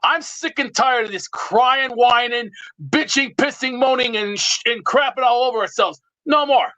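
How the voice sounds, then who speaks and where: A man's voice: very high-pitched, moderate pace, bright, forceful tone, low-quality recording. A man calling in to a sports talk show with a blustering, drill-sergeant style rant. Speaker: regular caller. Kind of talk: ranting call-in bit.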